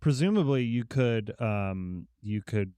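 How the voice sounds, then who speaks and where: A man hosting a podcast, recapping movies in casual chat with quick laughing asides. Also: fairly low pitch, lively intonation, dark tone, clean tone, no room sound. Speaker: podcast host.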